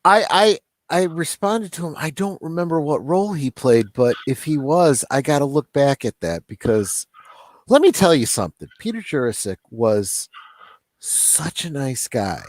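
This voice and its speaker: Animated, lively-voiced male co-host. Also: fairly high pitch, normal speed, dry recording. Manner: animated storyteller who acts out the people he quotes. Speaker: co-host of a fan stream show. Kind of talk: casual chat, storytelling.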